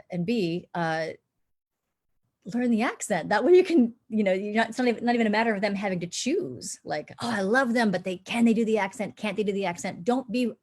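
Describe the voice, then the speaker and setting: A woman's voice: medium pitch, darkish tone. A woman dialect coach hosts a live online Q&A, talking over a video call. Her tone is earnest and explanatory as she advises actors.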